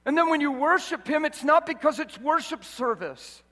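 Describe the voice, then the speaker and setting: A man's voice: very high-pitched, animated, normal speed, bright, forceful tone. A man preaching a sermon in a large hall, exuberant and emphatic, often breaking into laughter. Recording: reverberant hall.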